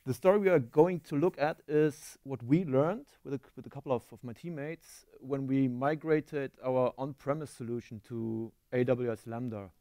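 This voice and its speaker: A man's voice: mid-range voice, steady tone, normal speed, few pauses, warm tone, no room sound, clean studio sound. A man from Germany with a German accent, giving a tech conference talk on stage, self-deprecating and quizzing the audience. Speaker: conference speaker.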